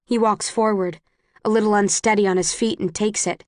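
A woman's voice: medium pitch, steady tone, normal speed, no room sound, clean studio sound. A woman reading a novel aloud in first person, earnest and emotional. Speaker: audiobook narrator.

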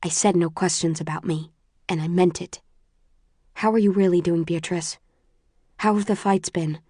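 A woman voicing a gentle, quietly firm mother. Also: lowish voice, fairly even intonation, no echo, clean studio sound, natural voice. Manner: gentle, measured. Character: calm, gentle, restrained middle-aged mother.

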